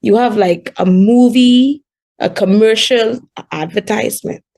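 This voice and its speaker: A young woman with a thick Bahamian accent chats fast and easily, laughing through her stories. Her voice sits a little high with a gravelly fry, and she talks like a guest calling in to a podcast. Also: a little mellow. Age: 20s. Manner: chatty, fast, laughs while telling stories. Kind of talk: casual chat.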